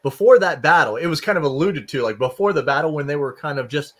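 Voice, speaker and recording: A man hosting a casual book discussion, retelling scenes and acting out characters in quick voices. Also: a little high, crowd noise.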